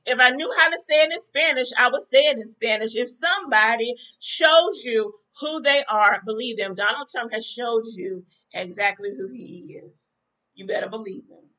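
In poor audio, a podcast host with a fairly high, pushed, bright voice talks at normal speed. Her casual commentary to a live chat turns preachy and fired-up, aimed right at her listeners as y'all.

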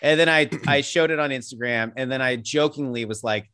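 A man's voice: brisk, sharp tone, clean tone. Rambling, laughing male storyteller. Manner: rambling storyteller who drifts into tangents; acts out quoted people with jumps in pitch. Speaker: interview guest, artist. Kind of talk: casual podcast conversation.

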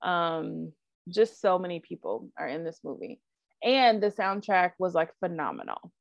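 An animated woman co-hosts a casual podcast and keeps drifting into asides. Her voice is recorded dry, with a dull, lo-fi tone. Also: lowish voice, a little slow, gravelly, dry recording. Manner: animated, with frequent likes and asides. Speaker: podcast co-host. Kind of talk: casual chat.

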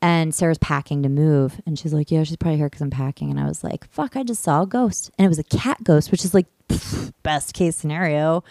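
A woman host casually telling a rambling story, animated and laughing, swearing freely and restarting her sentences. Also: sits low, fairly quick, hardly any pauses, no echo, studio quality. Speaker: podcast host.

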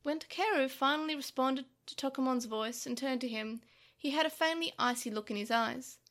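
A woman reading a children's storybook aloud, her voice high and bright. she narrates expressively, stumbling now and then, lively through the tale. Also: brisk.

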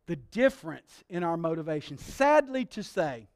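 Guy pastor preaching, kinda high voice, lively storyteller doing the voices. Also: moderate pace. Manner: animated storytelling, acts out quoted voices. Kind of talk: sermon.

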